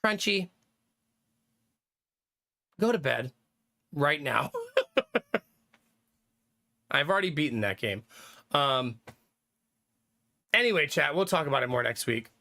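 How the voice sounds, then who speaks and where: A man's voice: fairly high pitch, lively intonation, takes it slowly, long pauses, bright, forceful tone. A young man streaming live, rambling casually to his chat about which games he plans to play, with lots of fillers. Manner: rambling, thinking aloud, frequent fillers and laughs.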